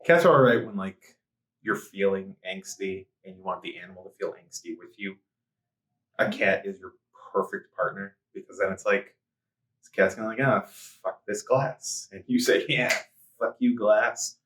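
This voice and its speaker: A man's voice: deep voice, normal speed, a bit bright. A man hosting a casual interview, jokey and scattered, swearing casually. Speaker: interviewer, photographer host. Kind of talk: casual chat. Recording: echoey room.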